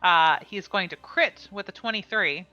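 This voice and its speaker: A woman game master narrates a tabletop game live, calling out rolls and painting each attack. Her voice is bright and up front, and the room is dry. The stream audio sounds dull and lo-fi. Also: on the low side, normal speed, dry recording, soft background music. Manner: calls rolls and describes attacks, with small laughs. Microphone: streaming mic.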